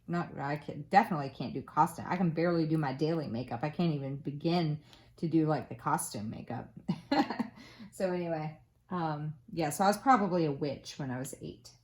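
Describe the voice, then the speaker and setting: Her low, darkish voice runs a little fast as this crafting vlogger talks casually during a project. In her thirties or forties, she carries a slight Southern Florida twang and rambles in a self-deprecating way packed with fillers.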